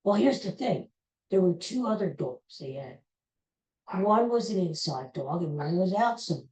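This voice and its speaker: A woman's voice: fairly low pitch, lively intonation, a little slow, a little mellow. A woman hosting a solo podcast, ranting in a grumbling, indignant way. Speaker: podcast host. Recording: roomy echo.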